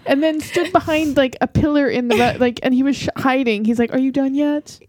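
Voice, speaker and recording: A woman podcast host with a slightly high voice, chatting casually. She asks friendly questions and tells anecdotes, putting on voices for the people she quotes. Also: brisk, a little mellow, a little hiss or hum. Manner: friendly, storytelling, quoting people. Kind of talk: casual interview chat.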